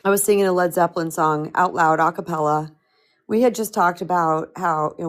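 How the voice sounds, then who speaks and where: A middle-aged woman coaching on a live stream, with a slightly crackly voice, talking in an animated, chatty way and answering viewer comments. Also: on the low side, normal speed. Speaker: spiritual empowerment coach.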